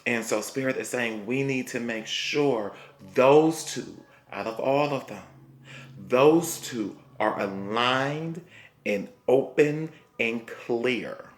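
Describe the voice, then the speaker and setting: A man giving a spiritual tarot reading, speaking slowly and repeating himself, often checking in with "okay?". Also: mid-range voice. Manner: slow, repetitive, reassuring, punctuated by "okay?". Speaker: tarot reader.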